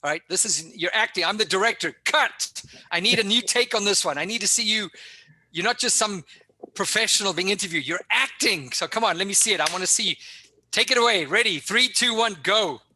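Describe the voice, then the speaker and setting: A man coaching public speaking in an online workshop, talking in an energetic, emphatic and directive way over a video call. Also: high voice, fairly quick, a little hiss or hum.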